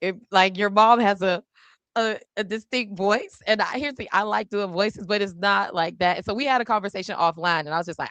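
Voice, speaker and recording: A woman's voice: medium pitch, fairly quick, fairly bright tone, no room sound. A woman hosting a podcast as a journalist, chatting casually in a studio with loose, laughing asides. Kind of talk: casual chat.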